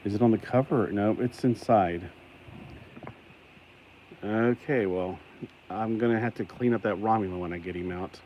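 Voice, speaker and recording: Low-voiced man rambling through a vlog. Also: normal speed, long pauses, lo-fi sound, a little hiss or hum. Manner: rambling, self-deprecating, grossed out. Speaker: toy collector vlogger. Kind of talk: casual unboxing vlog.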